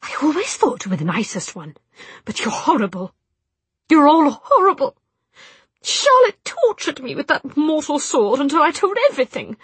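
A woman reading an audiobook, voicing a distraught, dramatic young woman with a breathy voice. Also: no echo. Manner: shrill, tearful outbursts. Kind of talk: audiobook character voice.

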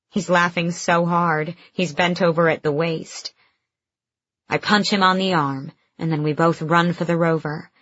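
A woman narrating an audiobook in the first person with lively, expressive storytelling. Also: on the low side, dry recording. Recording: dull dry studio recording.

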